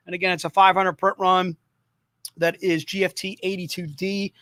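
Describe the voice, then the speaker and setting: A man with a fairly high voice runs a livestream comic book sale. He talks in an upbeat, repetitive hawking style with joking asides. The sound is dry and close, with little room. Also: little pitch movement, normal speed, sharp tone, no room sound. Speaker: host selling comic books. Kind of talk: livestream sales pitch.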